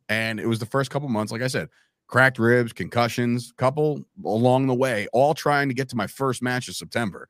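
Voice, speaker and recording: A man telling stories as a podcast guest in a casual, animated way, acting out quoted lines and calling the listener "bro" and "man". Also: mid-range voice, normal speed, no room sound, studio quality. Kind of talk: casual storytelling chat.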